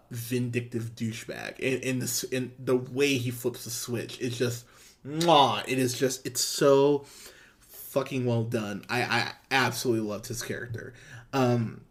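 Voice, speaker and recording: Brief: young male podcast host, mid-range voice, excitable and profane in casual chat. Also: medium pitch. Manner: enthusiastic, profane, full of restarts and fillers.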